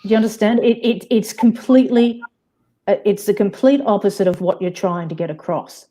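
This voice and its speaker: A woman's voice: mid-range voice, brisk, dark tone, faint music behind. Insistent Australian woman. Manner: insistent, repeats and restarts. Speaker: panel guest. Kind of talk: heated casual argument.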